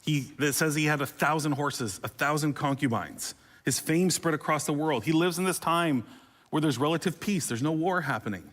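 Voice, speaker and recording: A man's voice: fairly high pitch, moderate pace, fairly bright tone. A man preaching a sermon as pastor, conversational and humorous, with playful asides and rising intensity on emotional appeals.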